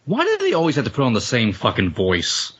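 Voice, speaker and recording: A man's voice: medium pitch, huge pitch swings, brisk, a bit bright, breathy edge, lo-fi sound. A man co-hosting a casual podcast chat, ranting with lots of swearing and frequent laughter. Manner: profane, ranting, laughs often. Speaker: podcast co-host.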